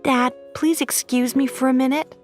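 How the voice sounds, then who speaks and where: A woman's voice: sits high, fairly even intonation, moderate pace, faint music behind, pitched above the performer's own voice, lightly acted. A woman reading an audiobook voices a startled, flustered teenage girl caught off guard by hiccups.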